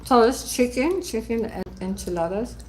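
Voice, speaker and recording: A woman's voice: on the high side, animated, normal speed, slight background noise. A middle-aged woman hosting a casual livestream over lunch, reading out viewer comments with lots of fillers. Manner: chatty, reads out viewer comments, many fillers. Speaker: livestream host. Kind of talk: casual live chat while eating lunch.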